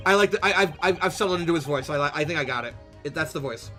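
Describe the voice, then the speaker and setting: A male streamer with a high, bright, very animated voice, commenting on a game in an irreverent, jokey way. Faint game music plays behind him. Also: racing, few pauses. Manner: irreverent, joking, swears freely. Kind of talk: let's-play commentary.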